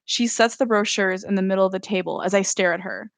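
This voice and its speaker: A woman author reading her own novel aloud in a steady first-person narration during a live stream. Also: mid-range voice, fast talker, creaky, no room sound.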